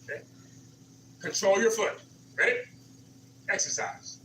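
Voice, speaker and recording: A man's voice: high-pitched, expressive, normal speed, pushed and bright, echoey room, distant mic, slight background noise, poor audio. A man leading a senior exercise class, counting reps and coaching encouragingly. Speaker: senior fitness instructor. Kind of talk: live exercise class instruction. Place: community center exercise room.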